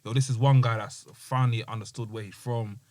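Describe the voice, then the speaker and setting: A man co-hosting a casual wrestling podcast, excitable and quick to laugh. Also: mid-range voice, no room sound. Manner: laughing, excitable, trails off mid-thought. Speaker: podcast co-host. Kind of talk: casual chat.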